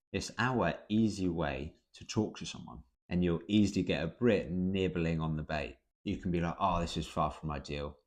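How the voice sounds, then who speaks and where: A man's voice: deep voice, darkish tone. A British man hosting an explanatory video, talking in a dry, understated way with wry asides. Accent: British English.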